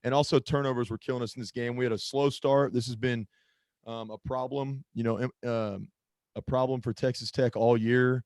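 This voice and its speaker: A man's voice: mid-range voice, fairly even intonation, moderate pace, darkish tone, no room sound. A man co-hosting a casual sports podcast, rambling and often stopping to search for a name or lose his thread. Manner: rambling, self-interrupting, loses his train of thought. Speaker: podcast co-host.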